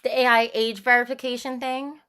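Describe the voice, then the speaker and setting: A woman's voice: on the high side, little pitch movement, fairly quick, pushed and bright, smooth. A woman livestreaming, chatting casually and bluntly, reading out and answering her chat. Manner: breezy, frank and irreverent.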